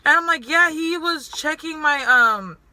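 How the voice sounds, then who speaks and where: A woman's voice: sits high, sharp tone, no room sound. A young adult woman in casual chat who keeps jumping in with her own work stories and quotes her customers. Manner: chatty, quick to jump in, quotes customers. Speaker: guest and sandwich shop worker. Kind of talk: casual chat while eating.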